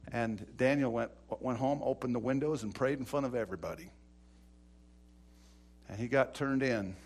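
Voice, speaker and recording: A man preaching an informal sermon, retelling Bible stories in an animated way with many fillers and restarts. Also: medium pitch, vocal fry.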